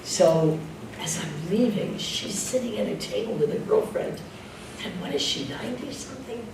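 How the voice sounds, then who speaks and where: An older actress telling lively backstage stories as an interview guest, laughing often and mimicking others. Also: female voice, fairly low pitch, moderate pace. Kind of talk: anecdotal storytelling Q&A. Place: club room with live audience. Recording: echoey room, distant mic, background noise.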